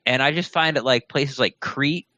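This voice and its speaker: Bright-voiced man in jokey podcast chat. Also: medium pitch, normal speed, no echo. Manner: chatty, laughs often, jokey asides. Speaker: podcast co-host. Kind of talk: casual fan podcast chat.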